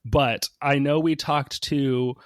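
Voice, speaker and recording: A man's voice: mid-range voice, fairly even intonation, slow pace, no room sound. A man sits close to a dry, deadened microphone and tells a loose, rambling story in a mid-range voice. He fills gaps with "like" and "um" and briefly acts out each person he quotes. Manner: chatty, many fillers, acts out quoted people. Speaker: podcast guest. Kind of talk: casual storytelling on a podcast.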